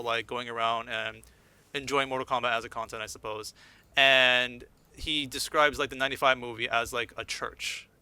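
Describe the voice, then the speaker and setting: Male podcast host, piercingly bright tone, dry close sound, giggly and stammering. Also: medium pitch, smooth, no room sound. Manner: laughing often, many restarts. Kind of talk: casual chat.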